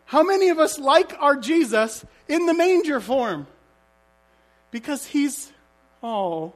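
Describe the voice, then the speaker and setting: A man's voice: very high-pitched, sing-song, slow pace. A man preaching a sermon as a pastor, telling stories vividly and asking the congregation rhetorical questions.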